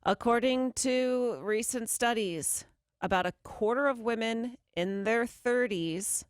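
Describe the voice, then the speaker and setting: A woman co-hosting a morning radio show, reading news items in a brisk, chatty way from a studio microphone. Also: on the high side, no echo. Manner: brisk newsy delivery, quick laughs. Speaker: radio co-host.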